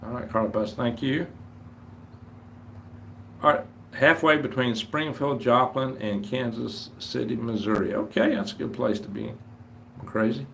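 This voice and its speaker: A man's voice: mid-range voice, a little slow, gravelly, pauses often, a bit bright, slight background noise. A man, hosting a casual livestream chat in a rambling, folksy way. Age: 50s. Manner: rambling, folksy, greets viewers and reads chat aloud. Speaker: livestream host.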